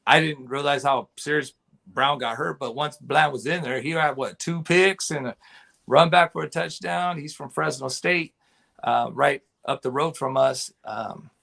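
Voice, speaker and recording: A man talking as a guest in a casual chat, excited and rambling. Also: a little high, measured pace, creaky. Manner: excited, rambling fan talk. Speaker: podcast guest.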